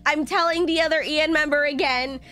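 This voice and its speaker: Dramatic high-voiced woman streamer. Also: steady tone, brisk, sharp tone. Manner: dramatic, frantic, swearing. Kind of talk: casual storytelling.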